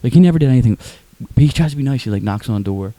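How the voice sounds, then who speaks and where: Fast-talking, profane male podcast host. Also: medium pitch, animated, mellow, no echo. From Westchester, New York. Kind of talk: casual storytelling.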